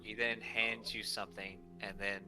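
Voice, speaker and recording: A man's voice: on the low side, level tone, normal speed, music in the background. A man narrating as dungeon master in a casual tabletop game, talking loosely with many fillers.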